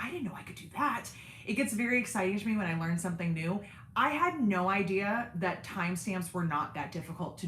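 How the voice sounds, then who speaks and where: A woman's voice: mid-range voice, a bit bright, reverberant, slight background noise. A woman hosting a casual livestream, chatting with her viewers by name in a self-deprecating way. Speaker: sewing channel host on a livestream.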